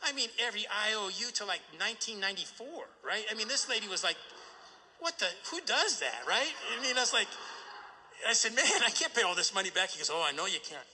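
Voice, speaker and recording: A middle-aged man with a fairly high, very bright voice talks quickly through a personal recovery story. He acts out the people in it and tags each turn with "right?". His voice carries a long reverb, as if recorded in a large hall. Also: animated. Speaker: recovery meeting speaker. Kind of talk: personal recovery story told to a live audience. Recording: echoey hall.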